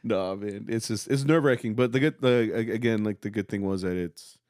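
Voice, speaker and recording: Low-voiced laid-back band director. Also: male voice, fairly quick, no echo, clean studio sound. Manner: relaxed, rambling, laughs often, mixes in Spanish. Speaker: school mariachi director and podcast host. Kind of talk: casual podcast chat.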